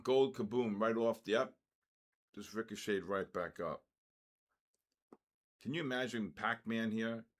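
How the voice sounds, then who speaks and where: A man's voice: on the low side, measured pace, pauses often. A man in his early sixties hosting a live trading stream, chatting loosely with viewers and jumping between stories and market calls. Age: 60s. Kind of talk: casual live-stream chat.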